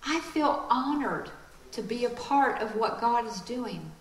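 A woman giving a lively, conversational sermon with quick asides. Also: a little high, echoey room, a little hiss or hum, poor audio. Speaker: speaker.

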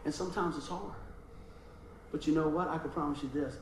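A middle-aged man preaching with a high, bright voice and a lively, storytelling delivery. He keeps asking the congregation "amen?" His voice rings in an echoey room over faint background noise. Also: brisk, distant mic. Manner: animated storytelling, frequent call-and-response "amen?". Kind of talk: sermon.

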